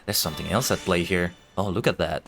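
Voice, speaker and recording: A man streaming a game, chatting casually and excitably, joking and swearing freely as he plays. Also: low voice, quick pace, creaky, slight background noise. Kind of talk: casual gaming commentary.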